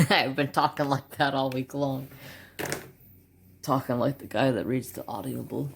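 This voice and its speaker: A man's voice: medium pitch, little pitch movement, measured pace, gravelly, slight background noise. A man in his forties chatting casually as a craft channel host, rambling and joking with muttered asides while swatching markers at his home desk.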